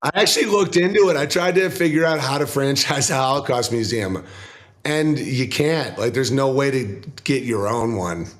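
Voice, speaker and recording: A male comedian guest telling profane, animated stories in casual interview chat, laughing often. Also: mid-range voice, normal speed.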